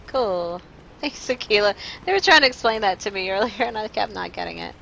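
A woman streaming live gameplay, talking to her chat in a jumpy, nervous way with quick laughs. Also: mid-range voice, expressive, creaky, pushed and bright, muffled recording, slight background noise. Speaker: game streamer.

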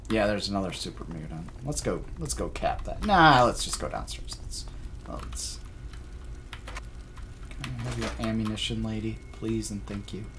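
A man streaming a game live, giving excitable, jokey commentary, swearing and laughing often. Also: lowish voice, normal speed, noisy background.

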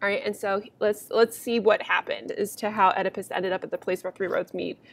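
A woman's voice: mid-range voice, steady tone, a little fast, gravelly. A young adult woman teacher reading a play aloud and explaining it to students in a casual, chatty way, with sarcastic asides.

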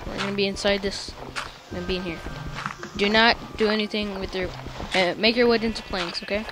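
Goofy excitable woman gaming host. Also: medium pitch, brisk, noisy background. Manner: goofy and excitable, bursts into sing-song chants. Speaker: let's play host. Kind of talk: casual gameplay chat.

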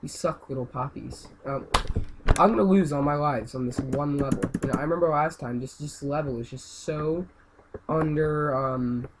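A young man giving casual gameplay commentary, rambling and then yelling and ranting at the game. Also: a little high, moderate pace. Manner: rambling, yells and rants at the game. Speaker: gaming channel host. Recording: noisy amateur home recording.

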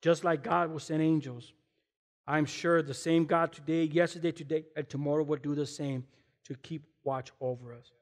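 Preaching in the church sanctuary at a moderate pace, this guest pastor has a high-pitched male voice that fades into long hall reverb. His style is lively and forceful, peppered with rhetorical questions to the congregation and bits of casual slang.

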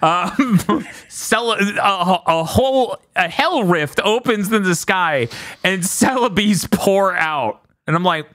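A man hosts a comedy podcast, recapping a film in an animated, jokey way. His voice is fairly high and bright, and it swoops up and down as he slips into goofy character voices. The sound is dry and close. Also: takes it slowly, no echo. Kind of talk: casual comedic movie recap.

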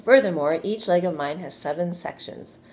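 A woman voicing a wise, patient female spider in a storybook read-aloud, speaking calmly and gently instructing. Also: on the low side, moderate pace, natural voice.

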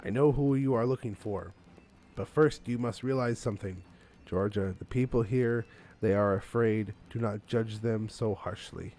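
A man's voice: fairly low pitch, moderate pace, warm tone, natural voice. A man voicing a solemn, mysterious wise cat in a video game who speaks in grave pronouncements.

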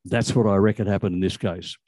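A man putting on a big, gruff constable who growls in a low, dark voice. He drops below the reader's usual pitch, and the sound stays dry and close. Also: fairly even intonation, fast talker, dry recording, close to an everyday voice. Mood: menacing. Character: large gruff male constable, menacing.

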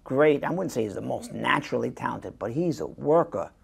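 Older man, actor guest, animated storyteller, swinging pitch, acts out voices. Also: fairly quick, vocal fry, breathy edge. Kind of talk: casual interview chat.

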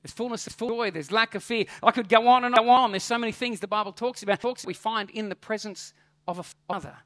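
Male pastor; high, bright voice; animated, funny storyteller in the pulpit. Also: fairly quick, dry recording, clean studio sound. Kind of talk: sermon.

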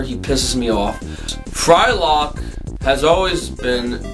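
Man, vlog host, goofy, giggly, slow delivery, mid pitch. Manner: goofy, laughs between lines. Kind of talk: casual comedic review.

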